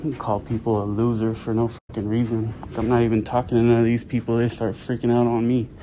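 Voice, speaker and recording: A man's voice: medium pitch, completely flat delivery, brisk, warm tone, slight background noise. A man filming inside a public office, arguing with staff and repeating his questions. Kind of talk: confrontational auditor video.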